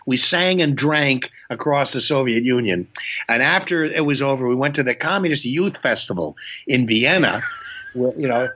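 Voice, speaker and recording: Bright-voiced older male comedian storyteller. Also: mid-range voice, moderate pace. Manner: animated storyteller, slips in impressions. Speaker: comedian guest. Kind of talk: casual chat. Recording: muffled lo-fi sound.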